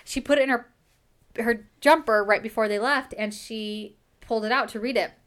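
A woman's voice: on the high side, normal speed, a bit bright. A woman host casually recapping a novel chapter by chapter, gushing and laughing often as she talks. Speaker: book podcast host.

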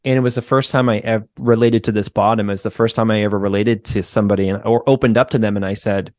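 A man's voice: lowish voice, fast, hardly any pauses, no echo, studio quality. A man with a faint Boston accent, a therapist guest telling a story in a casual podcast conversation, full of "like" and "you know". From Boston area, United States. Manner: animated storyteller, many "like" and "you know" fillers.

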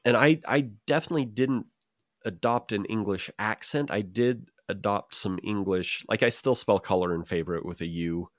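A man's voice: on the low side, moderate pace, no room sound. A man who grew up in Utah, co-hosting a casual chat show, rambling with repeats and dry jokes. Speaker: podcast co-host.

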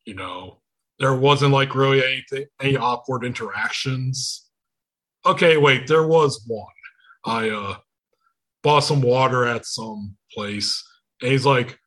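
A man's voice: mid-range voice, a little slow, a bit bright. A man with a Michigan accent hosting a podcast over a video call, telling stories in casual chat, quoting people and swearing freely. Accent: Michigan, Inland Northern. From Michigan, United States. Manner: storytelling with quoted voices, swearing freely. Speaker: podcast host.

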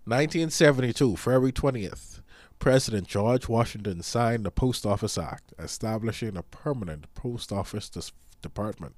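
A man's voice: fairly low pitch, animated, normal speed, a little mellow, no echo. A man co-hosting a casual podcast, reading news items aloud with small stumbles and a slightly nasal voice from sinus trouble. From Bahamas. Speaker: podcast co-host.

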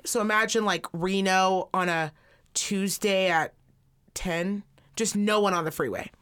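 A woman's voice: medium pitch, a bit bright, clear, resonant tone. Blunt, profane woman podcast host. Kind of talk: casual chat.

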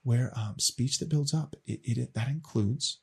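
A man's voice: mid-range voice, moderate pace, gravelly, a little mellow, slightly rough. A man casually explaining a faith question as a teacher, earnest and often repeating words as he restarts.

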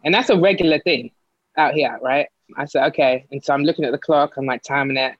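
Muffled, quick-talking man telling a story. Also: fairly high pitch, no room sound. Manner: animated storytelling with many likes and restarts. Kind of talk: casual conversation.

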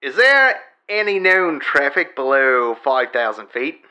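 A man playing a young pilot with a put-on Australian accent, halting and hesitant in his radio reports, as a comedic dramatic reading. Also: mid-range voice, sing-song, sharp tone, full character voice. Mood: uneasy. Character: young male pilot reporting a strange aircraft.

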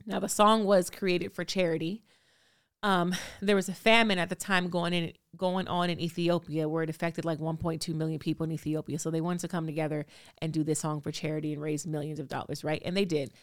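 A woman in her thirties hosting a podcast, telling a story in an animated, breathless way. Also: low-pitched, a little fast, smooth, no echo, clean studio sound. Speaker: podcast host.

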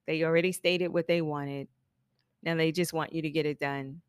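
A chatty woman with a somewhat low voice talks casually to hairstylists about running a business. She laughs often and slips into quick impressions of her clients. The sound is dry and close, with no room around it. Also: fairly even intonation, clear, resonant tone, no echo. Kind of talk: casual solo podcast talk.

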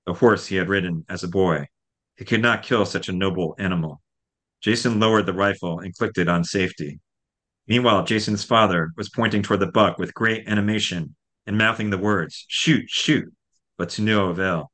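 A man with a very deep voice reads aloud from his own novel at a steady, measured pace. The delivery is calm and even, like an author presenting his work to listeners. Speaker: author and guest.

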